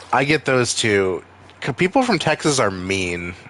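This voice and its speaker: A man's voice: mid-range voice, very animated, slow, fairly bright tone. A young man from Maine with a Maine accent, rambling and swearing casually while streaming a game. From Maine, USA. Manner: rambling, profane, wisecracking. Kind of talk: casual gaming stream chat.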